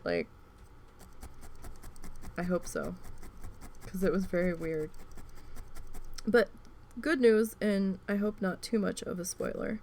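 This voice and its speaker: A woman chatting casually as a crafting vlogger, rambling with lots of fillers and some swearing, getting animated as she tells a story. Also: mid-range voice, slow pace, long pauses, slight background noise. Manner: rambling, profane, many "um" and "like" fillers; animated when retelling a story.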